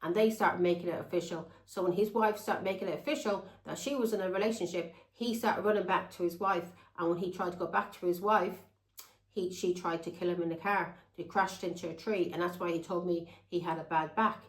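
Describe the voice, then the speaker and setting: A woman's voice: lowish voice, steady tone, brisk, reverberant, low-quality recording. A woman telling a long, rambling personal story to her viewers. She talks bluntly and swears freely. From England. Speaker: tarot reader.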